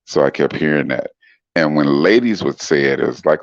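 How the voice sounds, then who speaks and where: On a casual livestream, a guest reading the chat speaks in a remarkably low, smooth voice with some gravel to it. This middle-aged man is animated and brisk yet relaxed, chuckling and calling out commenters by name. The recording is dull, lo-fi, dry and close.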